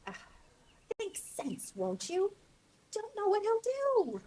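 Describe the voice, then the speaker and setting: A woman voicing a blunt, skeptical neighbor in a radio play, quick to scold. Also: extremely high pitch, very animated, warm tone, heavily acted.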